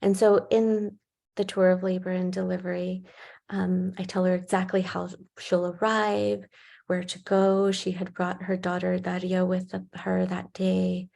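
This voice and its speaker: Low, gravelly woman telling a case story. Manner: calm, measured storytelling with soft fillers. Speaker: perinatal mental health clinician. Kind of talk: case presentation talk.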